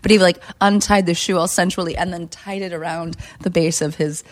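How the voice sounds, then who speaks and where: A woman's voice: fairly even intonation, a little fast. A woman in her thirties, co-hosting a podcast, telling a story in casual chat with bursts of laughter. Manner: breaks into high laughs. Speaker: podcast co-host.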